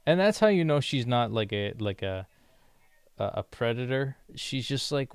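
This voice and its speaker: With a medium-pitched, sing-song voice at normal speed, this young American vlogger in Brazil works through language lessons. He chats in a loose, rambling way and laughs a lot. The recording is clean and dry.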